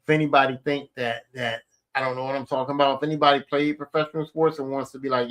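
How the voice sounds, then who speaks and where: A man's voice: mid-range voice, little pitch movement, fast talker, a bit bright. A middle-aged man hosting his own podcast, talking in a blunt, rambling way and swearing casually. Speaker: podcast host. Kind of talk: casual solo podcast monologue.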